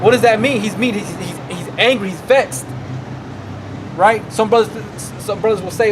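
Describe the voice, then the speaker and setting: A man's voice: high-pitched, normal speed, noisy background. A man preaching a sermon outdoors as a street preacher, talking emphatically and repeating himself, often tacking on "man" and "right".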